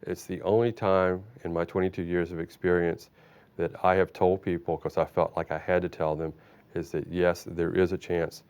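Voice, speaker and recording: A middle-aged man, a federal prosecutor, recalling a case in an interview with measured, earnest speech and some fillers. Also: sits low, little pitch movement, a little mellow, clean tone.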